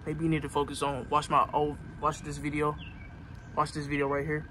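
A young man giving an earnest, casual motivational pep talk, repeating himself and pushing his voice louder as he urges the listener on. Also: on the high side, monotone, brisk, background noise. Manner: earnest, repetitive, rising to loud urging. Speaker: vlogger.

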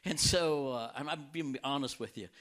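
A healing evangelist shares his testimony with a congregation in a medium-pitched male voice. He tells it animatedly, and his voice leaps high whenever he quotes his own reactions. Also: normal speed, a bit bright. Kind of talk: testimony in a church talk.

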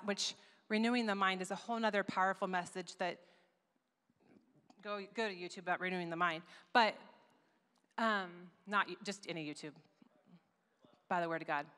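A woman giving a sermon at a conference, telling a story with lively, acted-out asides. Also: mid-range voice, moderate pace, pauses often, clean tone. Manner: animated storytelling, acts out her own past voice. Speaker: conference speaker. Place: church auditorium. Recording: long reverb of a large hall.

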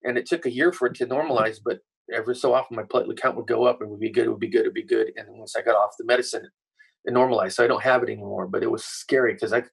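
A man's voice: mid-range voice, very fast, gravelly, slightly rough, poor audio. A middle-aged man telling a story in a casual interview, swearing freely and acting out what people said. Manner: profane, animated storyteller acting out quotes. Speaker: guest musician.

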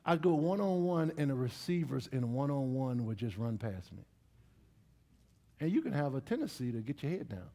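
A middle-aged man preaching a sermon in a church, with lively call-and-response to the congregation. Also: mid-range voice, normal speed. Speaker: pastor. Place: church sanctuary.

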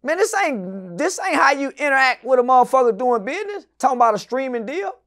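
Middle-aged male guest with a high voice, swears a lot, acts out every character in his story, loud and animated. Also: a little fast. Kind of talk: animated storytelling in a casual interview.

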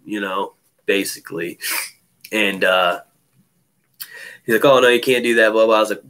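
Brightish man telling a story casually. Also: on the low side, fairly even intonation, fast talker. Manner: loose, profane, many fillers like "you know".

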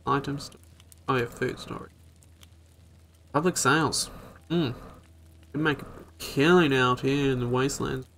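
A man's voice: mid-range voice, fairly even intonation, a little slow, creaky, pauses often, fairly bright tone, slight background noise. A man streaming a game, talking to himself as he plays, tired and yawning while he rambles on. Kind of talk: casual gameplay commentary.

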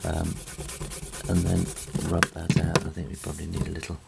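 A man's voice: sits low, monotone, moderate pace, vocal fry. A middle-aged man with an English accent explaining drawing in a casual, rambling way, with many fillers and restarts while he draws. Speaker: drawing teacher. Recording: faint noise with pen and writing sounds.

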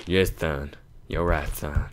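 A man voicing a gruff middle-aged father in a slow, mock-serious tone. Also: a bass voice, fairly even intonation, heavy background noise, voice pushed down. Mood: droning.

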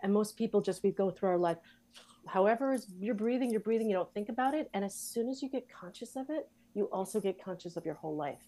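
A woman speaking as an interview guest, earnest and reflective. Her pitch sits in the middle for a woman, and she talks through ideas with quick laughter. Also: expressive, warm tone, low-quality recording. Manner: thoughtful, earnest, laughs easily. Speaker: guest, writer, actress and breathwork leader. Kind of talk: interview conversation.

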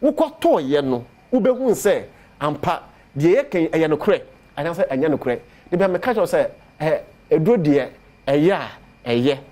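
A man with a Ghanaian accent speaks in a somewhat high voice. He gives a persuasive promotional talk on television about herbal medicine and comes back to the same phrases again and again. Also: sing-song, moderate pace, mellow. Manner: persuasive, repeats product pitch.

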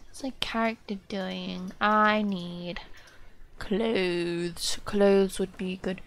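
A young woman streaming a game live, chatting casually and excitedly as she thinks aloud about what she is doing. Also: medium pitch, very slow, a little hiss or hum. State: yawning, a bit sleepy.

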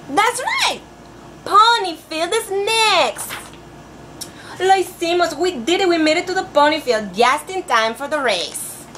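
A woman playing an overeager class teacher, reading a storybook aloud in a sing-song voice with drawn-out words and Spanish phrases mixed in. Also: very high-pitched, fairly bright tone, a little hiss or hum, exaggerated voice. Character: overeager female teacher persona, adult, playful. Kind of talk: comic storybook read-aloud.

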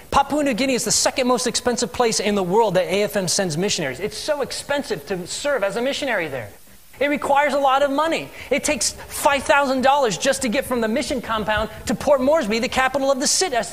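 A man telling his missionary story as a sermon testimony in a church, animated and asking the congregation questions. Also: very high voice. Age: adult with three children. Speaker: missionary speaker.

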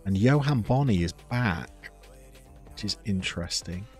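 A man's voice: on the low side, lively intonation, a little slow, soft background music. Chatty man streaming a game. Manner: chatty, reacts loudly to play, greets chat. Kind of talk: live game commentary.

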